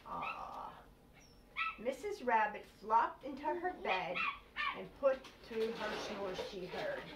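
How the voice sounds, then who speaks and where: A woman's voice: on the high side, wildly swooping pitch, slow. Older grandmother reading a bedtime story. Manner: gentle, explaining and prompting the child. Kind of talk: reading a storybook aloud to a child. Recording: distant, echoey, noisy home recording.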